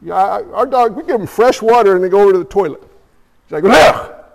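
A male preacher with a high, gravelly voice delivers a conversational sermon, stacking rhetorical questions and repeated phrases. His voice carries a long reverb, as if heard in a large hall. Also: fast, a little mellow. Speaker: pastor.

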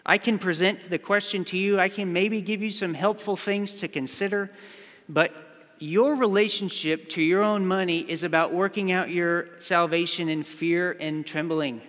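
A man's voice: high-pitched, fairly even intonation, normal speed, fairly bright tone, long reverb tail. A man preaching a sermon, telling a story and speaking its quoted lines in his own voice. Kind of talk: sermon with acted-out illustration.

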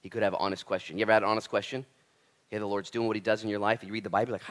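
Male preacher, casual and conversational, big dynamic swings between loud and quiet. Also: fairly low pitch, lively intonation, very fast. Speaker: pastor. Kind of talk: sermon.

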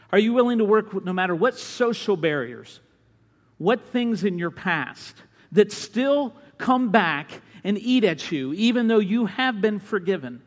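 A man preaching a sermon as a pastor, impassioned, rising to shouts and dropping low. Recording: long hall reverb.

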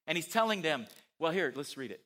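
A man preaches a lively sermon and keeps asking his listeners rhetorical questions. His voice is bright and forward. It sits a little higher than most men's voices. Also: a little fast.

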